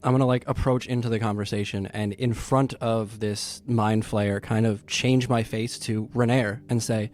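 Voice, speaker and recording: A man's voice: on the low side, steady tone, normal speed, few pauses, a little mellow. A man taking part in a tabletop role-playing game, describing his character's actions. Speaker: player.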